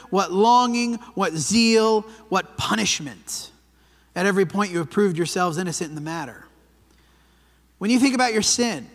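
A man's voice: high-pitched, a bit bright. A man preaching a sermon in a church, talking conversationally and often checking in with "right?". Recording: church hall with long reverb.

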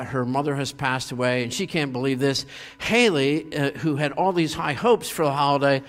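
Male pastor, animated storyteller, recorded in a hall with long reverb. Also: medium pitch. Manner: animated storytelling with frequent fillers and laughs. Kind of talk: sermon retelling a TV episode.

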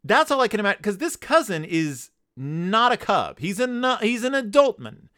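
A man's voice: sits high, big pitch swings, moderate pace, bright, forceful tone, smooth, no room sound, studio quality. A man hosting a comedy podcast, sarcastically recapping a children's book and riffing on it. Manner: sarcastic, riffing, acts out characters. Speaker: podcast host.

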